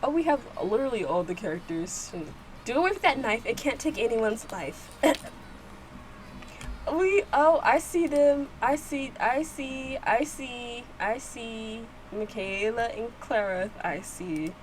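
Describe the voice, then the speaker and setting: A woman giving casual reaction commentary, reading subtitles aloud and excitedly repeating herself. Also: fairly high pitch, measured pace, slight background noise. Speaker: video reactor.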